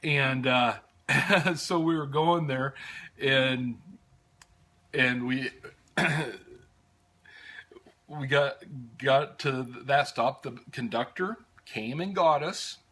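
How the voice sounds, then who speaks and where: An American man telling a travel story in a casual, rambling way, with frequent pauses and restarts. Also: mid-range voice. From United States. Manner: rambling, many "uh"s and restarts, warm fondness.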